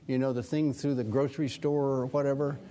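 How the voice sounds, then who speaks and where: An older man, a former news anchor, speaking as a guest author at a Q&A, conversational with many restarts and lively quoted asides. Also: mid-range voice, fairly quick. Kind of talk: lecture Q&A talk.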